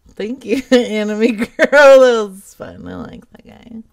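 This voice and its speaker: A woman's voice: high-pitched, takes it slowly. A woman hosting a live prank call show, sassy and mock-aggressive.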